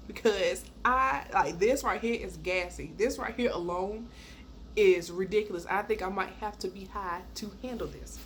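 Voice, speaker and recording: Speaking at a moderate pace, a woman shares a personal story in a lively, casual way, laughing as she talks. When she performs quoted lines her voice jumps up high; faint noise sits in the background.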